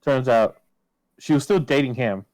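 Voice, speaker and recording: A medium-pitched man tells a personal story at a moderate pace in casual podcast talk, on a low-quality recording with no room sound. He swears a lot and loudly replays his own past lines.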